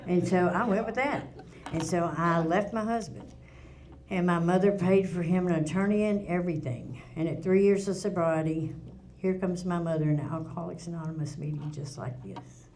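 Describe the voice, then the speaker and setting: A middle-aged woman with a drawl shares her recovery story at a meeting. Her voice sits fairly low, and she speaks candidly and plainly, often restarting her sentences. Faint room ambience sits behind her. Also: normal speed, dark tone, slight background noise. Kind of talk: personal testimony at a recovery meeting.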